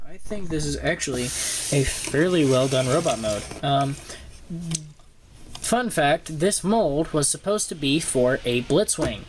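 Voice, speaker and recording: A young man sits at his home desk reviewing a toy he films up close, speaking casually and haltingly with lots of ums and uhs. His voice is on the high side, there's background noise, and the audio comes from the camera's built-in microphone.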